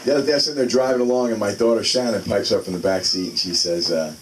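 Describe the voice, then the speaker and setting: A man's voice: mid-range voice, wildly swooping pitch, normal speed, long pauses. A man in his thirties doing a casual stand-up comedy set, telling self-deprecating stories about his kids. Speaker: stand-up comic. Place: small live comedy venue. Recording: distant mic in a noisy room.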